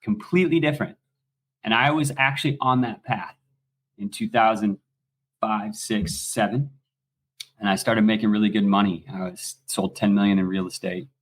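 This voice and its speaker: A man in his forties with an American accent tells stories in a casual, animated way, and he swears freely. His voice sits somewhat low. He sounds like a guest on a podcast. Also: moderate pace. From United States. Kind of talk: casual storytelling.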